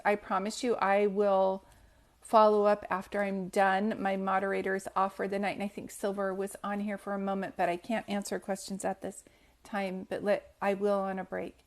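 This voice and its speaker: A woman giving a casual live reading as a medium, her voice sitting in a comfortable middle range. She speaks gently and reassuringly, pausing often and filling the gaps with soft ums. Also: mid-range voice. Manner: gentle, reassuring, hesitant with many fillers. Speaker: psychic medium on a livestream.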